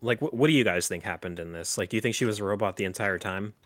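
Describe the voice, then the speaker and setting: A man with a somewhat low voice chats through a horror film plot as a podcast host, rambling with plenty of fillers and restarts. The recording is dry and close, with no room sound. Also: quick pace, a bit bright, dry recording. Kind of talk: casual movie chat.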